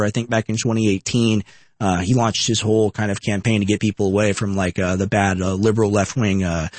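A man's voice: mid-range voice, no room sound. Young man ranting on political talk. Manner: emphatic, ranting, repeats rhetorical questions. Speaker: political commentary host. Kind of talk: opinionated political commentary.

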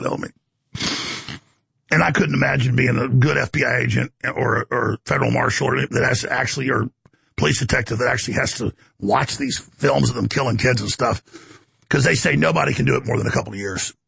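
A man hosting a talk show, ranting in a rambling, animated, indignant monologue. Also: mid-range voice, creaky, breathy edge, no room sound.

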